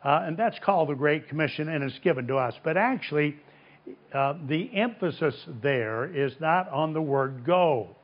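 A man's voice: fairly high pitch, expressive, moderate pace. A man preaching a sermon to a congregation, emphatic, asking them questions and answering them himself. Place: church service before a congregation. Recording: dull lo-fi sound.

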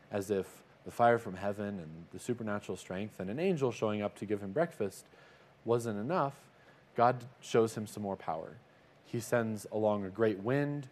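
A man's voice: on the low side, a little mellow. A man telling a Bible story in a casual, conversational way, slipping into little acted-out voices for the characters. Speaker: Bible teacher.

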